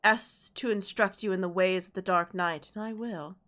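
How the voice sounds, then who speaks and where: A woman with a sore throat reading aloud the lines of a calm, confident male dark knight mentor from a game, in a measured, wry way. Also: medium pitch, natural voice. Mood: earnest.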